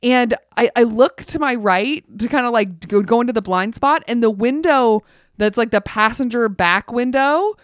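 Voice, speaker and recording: A woman's voice: fairly high pitch, moderate pace, no room sound, clean studio sound. Chatty woman telling a wry story. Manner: chatty, animated, many "like" fillers; wry, laughs through the telling. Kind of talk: casual chat storytelling.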